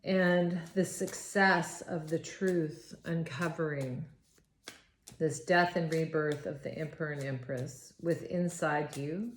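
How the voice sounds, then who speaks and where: A woman with a low voice reads tarot cards slowly, sounding awed and halting, breaking off into sighs and restarting her sentences. The recording has a roomy echo with a faint hiss of noise behind her. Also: fairly even intonation. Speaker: tarot reader. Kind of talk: spontaneous tarot reading.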